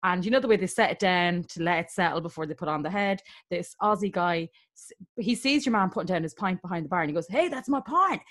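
A woman's voice: lowish voice, fast. Irish woman telling stories animatedly. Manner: animated storyteller, acts out voices. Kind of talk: casual chat.

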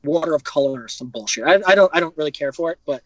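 High-voiced, profane young man. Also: rapid-fire, no echo. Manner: profane, animated storytelling. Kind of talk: casual chat. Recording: dull, dry lo-fi recording.

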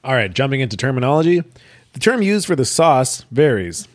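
A man's voice: mid-range voice, sing-song, fairly quick, dry recording, studio quality. A young American man co-hosting a podcast, reading from a wiki with profane, sarcastic asides. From United States. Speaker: podcast co-host. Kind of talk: casual chat, reading from a wiki.

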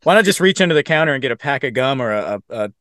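A man's voice: mid-range voice, lively intonation, fast talker, a bit bright, no echo, clean studio sound. A man chatting casually about a film, retelling scenes and swearing freely. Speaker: podcast co-host.

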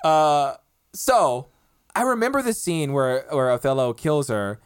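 A woman casually retelling a play, animated and swearing, acting out the characters' lines as she goes. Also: deep voice, measured pace, clean tone, dry recording, clean studio sound.

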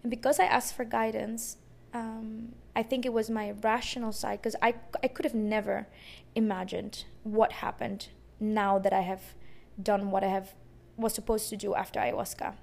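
A woman's voice: a little high, little pitch movement, normal speed, gravelly, a little mellow. A woman podcast host telling a personal story in an emotional, rambling way, with many fillers and restarts.

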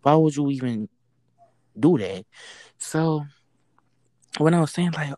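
A woman who works a fast-food drive-thru window, telling a work story in casual chat, acting out the quoted exchanges and swearing freely. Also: deep voice, expressive, warm tone, no echo, poor audio.

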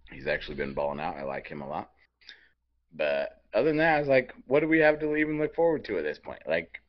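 A man co-hosting a sports podcast, delivering a heated, profane rant. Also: lowish voice. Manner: profane, fired-up ranting. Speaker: podcast co-host. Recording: dull lo-fi podcast audio.

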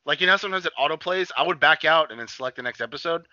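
A man's voice: a little high, very fast, no echo, dull audio. A man co-hosting a podcast in loose, casual chat, swearing freely and telling stories with lots of energy. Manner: loose, swearing, animated storytelling. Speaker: podcast co-host.

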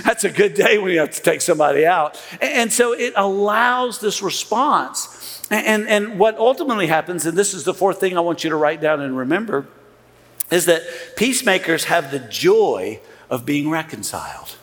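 Man, pastor preaching, high voice, lively, acts out quotes, long hall reverb. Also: moderate pace. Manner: animated, acts out quoted voices, repeats words when restarting. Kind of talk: sermon. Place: church hall.

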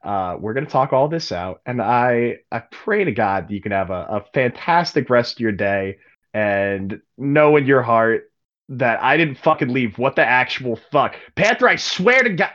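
A man's voice: mid-range voice, animated, normal speed, fairly bright tone, lo-fi sound, natural voice. A man voicing the unseen male writer of a magical letter, rambling and swearing. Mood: exasperated.

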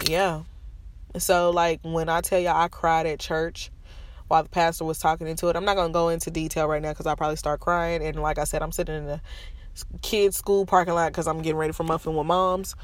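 This is a low-pitched woman in her thirties, a vlogger, recorded dry from her car in a school parking lot. She tells a painful personal story frankly and emotionally, her nose stuffed up from holding in tears.

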